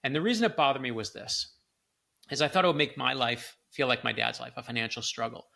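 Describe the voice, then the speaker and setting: A man's voice: medium pitch, fast talker, creaky. A middle-aged man, an author as a guest, telling personal stories in conversation and acting out the quoted lines. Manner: animated storyteller, acts out quoted lines. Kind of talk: storytelling in a conversation.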